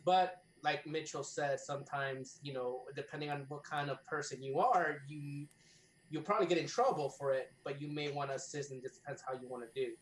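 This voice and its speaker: Halting tabletop player in an echoey room. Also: mid-range voice, a little hiss or hum. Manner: halting, explains rules carefully. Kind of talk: tabletop game play.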